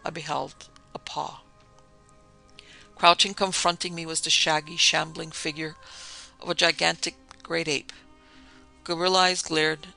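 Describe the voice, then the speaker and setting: A man tells a pulp horror story in the first person, in a dramatic storytelling manner. His voice is very bright and gravelly and sits a little high. Faint music plays beneath. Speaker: narrator.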